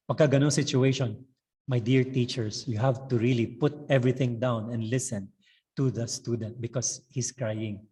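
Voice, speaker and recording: A man's voice: mid-range voice, steady tone, normal speed, warm tone, big-room sound, poor audio. A man in his fifties with a Visayan Filipino accent gives a webinar lecture to teachers, mixing English with Tagalog and tagging lines with "okay" and "no?". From Philippines. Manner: switches between English and Tagalog, frequent "okay" and "no?" tags. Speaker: teacher trainer.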